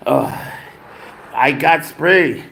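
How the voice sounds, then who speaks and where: A man's voice: on the high side, drawn-out words, fairly bright tone, slight background noise. A man and teacher chatting on a live stream at home, talking baby talk to his pet, swearing and rambling between asides. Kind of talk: casual live stream chat.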